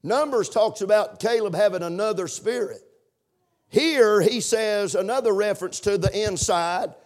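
A man preaching a sermon, reading scripture aloud and repeating key phrases, who slows down on single words and builds to shouted declarations. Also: high-pitched. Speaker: pastor.

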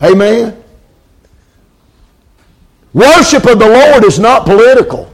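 High-voiced preacher. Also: male voice, animated, slow. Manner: calls out amens, repeats lines for emphasis. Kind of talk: sermon.

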